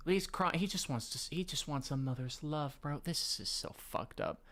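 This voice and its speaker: Excitable man reacting to manga. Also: medium pitch, measured pace, hardly any pauses. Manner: excitable, swears and uses slang. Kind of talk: reading a manga aloud with reactions.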